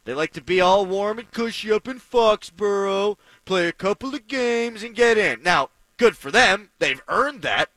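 A man's voice: high-pitched, lively intonation, a little slow, few pauses, a bit bright, dry recording, poor audio. A man giving heated, sarcastic sports commentary, ranting with fired-up energy.

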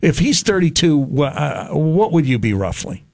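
A man on talk radio with a fairly high, gravelly voice that swings widely in pitch as he teases and prods his co-host. The studio mic is dry and close. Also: big pitch swings, normal speed, darkish tone, dry recording. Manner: teasing, prodding questions. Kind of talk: casual radio banter.

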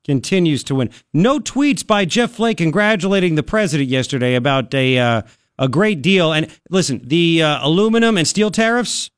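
A higher-voiced man hosting talk radio, sarcastic and lively as he swings between mock-high and low asides. His studio mic sounds close and dry, with no room in it. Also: no room sound. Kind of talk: opinionated radio commentary.

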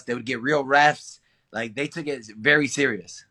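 A man's voice: mid-range voice, normal speed. A young man, an interviewed fighter, answering casually, laughing often and telling stories. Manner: relaxed, laughs often, storytelling with acted quotes.

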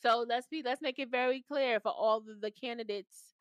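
A woman co-hosting a casual chat podcast, sassy and quick to laugh, stretching words for emphasis. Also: fairly high pitch, clean tone, dry recording, studio quality. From New York. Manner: sassy, laughs often, drawn-out emphatic phrasing. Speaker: podcast co-host.

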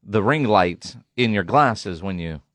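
A man's voice: lowish voice, expressive, a little slow, fairly bright tone, no room sound. A man co-hosting a casual sports talk show, trading teasing, wisecracking banter in a studio. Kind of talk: casual radio chat.

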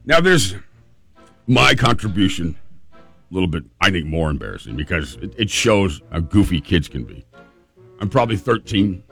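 A man hosting a call-in radio talk show, telling a funny childhood story in a playful, animated way. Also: low voice, normal speed, gravelly, slightly rough, soft background music. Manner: lively, playful storyteller who acts out moments.

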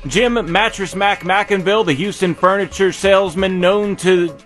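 A man's voice: high voice, moderate pace, a bit bright, faint music behind. Man reading sports news on radio. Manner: reads news items aloud, then chats. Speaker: radio sports show host. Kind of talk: casual sports radio chat.

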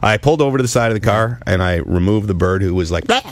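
Guy on a podcast, real low voice, talks fast, rambles through stories. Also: a little hiss or hum. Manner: rambling storyteller, jumps up in pitch when excited. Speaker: podcast co-host. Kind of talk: casual chat.

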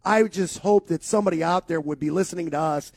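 An emphatic male sports radio co-host talks in a casual, lively way. His voice sits a little high for a man. The sound is dry and close on a studio microphone. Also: fast talker, vocal fry, breathy edge, dry recording.

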